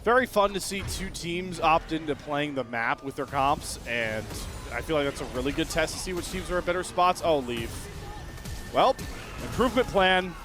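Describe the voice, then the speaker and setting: A man giving excitable play-by-play commentary on an esports match. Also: a little high, music in the background. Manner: excitable, quick shifts in energy. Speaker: esports caster.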